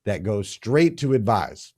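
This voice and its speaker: Deep-voiced, energetic male leadership coach. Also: unhurried. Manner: energetic, emphatic teaching with punchy repeated phrases. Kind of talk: podcast interview.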